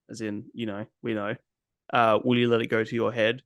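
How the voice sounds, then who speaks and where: A man's voice: on the low side, flat delivery, brisk, dry recording. Blunt, cynical man chatting on a dry mic. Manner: blunt, cynical, swears freely. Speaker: podcast host. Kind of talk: casual movie review chat.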